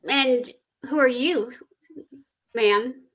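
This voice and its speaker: A woman's voice: a little high, fairly bright tone, heavily acted. A woman reading the part of a flustered colonel in a casual video-call table read, hesitant and unsure. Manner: hesitant, slow, unsure delivery. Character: flustered colonel arriving at a mansion.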